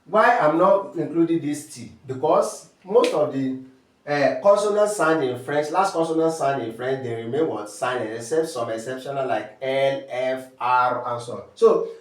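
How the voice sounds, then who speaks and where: A Nigerian-accented man of medium pitch and lively intonation gives a step-by-step lesson on French sounds, heard off-mic through a distant microphone in an echoey room. He drills slowly, repeating terms and asking rhetorical questions along the way.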